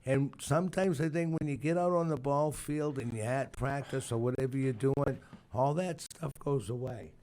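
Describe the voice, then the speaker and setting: An older man, a retired youth baseball coach telling halting, rambling stories as a radio guest. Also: medium pitch, darkish tone. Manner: rambling, halting, many restarts. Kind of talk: casual radio interview storytelling.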